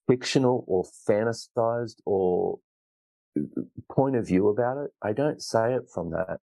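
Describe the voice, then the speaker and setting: A man with a very low, gravelly voice hosts a solo podcast. He speaks in an earnest, wandering self-help style, full of restarts. His tone is dark and mellow. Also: rough recording. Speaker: podcast host. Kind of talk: reflective solo podcast talk.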